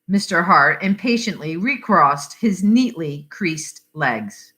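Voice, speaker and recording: Brief: woman storyteller, slow and lively in pitch, bright tone. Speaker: reader. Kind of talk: reading a short story aloud.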